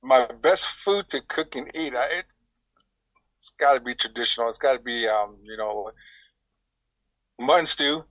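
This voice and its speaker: A man's voice: mid-range voice, moderate pace, pauses often, a bit bright, no room sound, rough recording. Man on a podcast, dry close sound. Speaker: ranger and guest. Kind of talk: casual interview answers.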